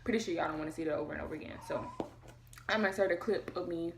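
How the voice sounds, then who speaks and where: A young woman tells a personal story straight to camera in a casual vlog. Her voice sits a little low, and she talks quickly, acting out the lines of the people in her story. A faint hum of room ambience runs under her voice. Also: creaky. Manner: fast, emotional retelling, acting out quotes. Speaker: vlogger.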